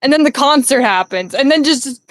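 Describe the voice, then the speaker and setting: Woman streamer, higher voice, rambling casual movie chat, dry close mic. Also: expressive, moderate pace, dry recording. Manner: rambling, laughing, lots of fillers and swearing.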